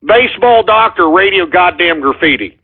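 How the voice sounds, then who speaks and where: A man's voice: high voice, lively intonation, moderate pace, slightly rough. A man hosting a call-in radio show who swears a lot and rants in exasperation. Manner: profane, exasperated ranting. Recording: tinny phone-like audio.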